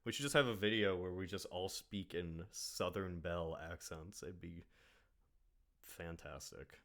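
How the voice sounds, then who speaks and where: Low-voiced joking man from the Midwest. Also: a little slow, fairly bright tone. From American Midwest. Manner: joking, laughs often, acts out his own reactions. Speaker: podcast host. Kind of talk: casual chat.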